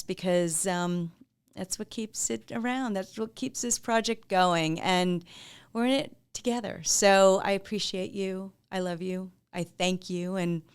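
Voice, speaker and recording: A woman's voice: mid-range voice, clear, resonant tone. A woman hosting a podcast, talking casually and candidly to her listeners, laughing often and swearing freely. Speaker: podcast host.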